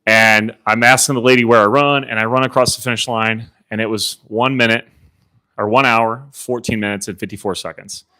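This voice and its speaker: A man coaching a room of agents live, telling an animated story of his own race, acting out his inner thoughts and swearing casually. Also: medium pitch, fairly quick, clean tone. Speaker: CEO coaching real estate agents. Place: meeting room with a live audience.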